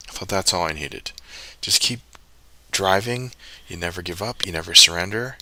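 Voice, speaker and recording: Male streamer host, very low voice with a bright edge, slow, rambling and jokey. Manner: rambling, self-correcting, jokey asides. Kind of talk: rambling casual monologue.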